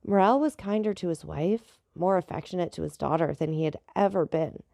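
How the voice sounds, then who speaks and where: A woman narrating a classic novel in a measured storybook reading, giving the dialogue light voices. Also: fairly low pitch, vocal fry, mellow, no room sound. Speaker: audiobook narrator.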